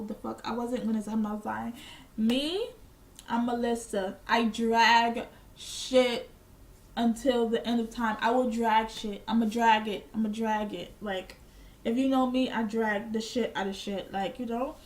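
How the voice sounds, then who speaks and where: A young woman with a fairly high voice tells a storytime to her camera. She is blunt and profane, and proudly petty as she talks. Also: steady tone, moderate pace, a little mellow. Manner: boastfully petty. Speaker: vlogger. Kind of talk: casual storytime.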